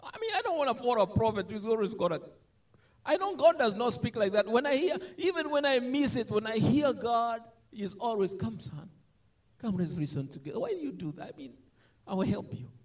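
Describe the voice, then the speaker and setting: A man preaching a sermon, animated, swinging between loud emphatic lines and soft asides. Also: very high voice, fairly quick.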